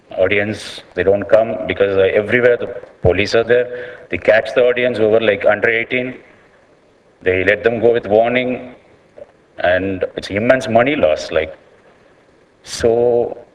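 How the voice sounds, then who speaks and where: An earnest man with an Indian English accent addresses a panel, his sentences stopping and restarting around a steady "like". His voice sits at an ordinary middle pitch. A long reverb from a large conference hall trails each phrase. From South India. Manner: earnest, repeats words and restarts often, leans on "like". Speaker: filmmaker speaking at a panel session. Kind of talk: unscripted public speech.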